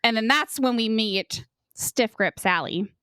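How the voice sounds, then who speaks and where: A woman's voice: on the high side, unhurried, sharp tone, clear, resonant tone, dry recording, clean studio sound. A young adult woman co-hosting a podcast, retelling a book's plot in a chatty way full of "like" and quoted asides. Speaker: podcast co-host. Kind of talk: casual book discussion.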